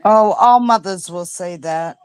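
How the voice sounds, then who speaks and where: A woman's voice: medium pitch, unhurried, clear, resonant tone, dry recording. A woman on a live panel chat, giving short, teasing, laughing replies. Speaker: panel guest.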